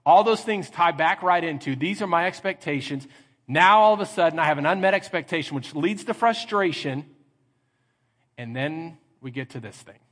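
A middle-aged man preaching a sermon as pastor, lively and acting out little scenes in mock voices. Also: a little high. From Texas. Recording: reverberant church hall.

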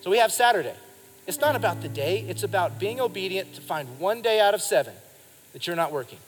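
A man's voice: high voice, lively intonation, a little fast, slightly rough. A man in his thirties, a pastor preaching a sermon to his congregation with emphatic delivery and calls for the crowd to respond. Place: church service before a congregation. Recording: live in a reverberant hall with music behind. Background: music.

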